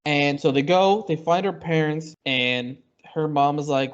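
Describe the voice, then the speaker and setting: A man's voice: fairly high pitch, fairly even intonation, normal speed, few pauses. Rambling man recapping comics, lo-fi. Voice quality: rambling, filler-heavy, recaps plots. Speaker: comics podcast co-host. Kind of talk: casual chat.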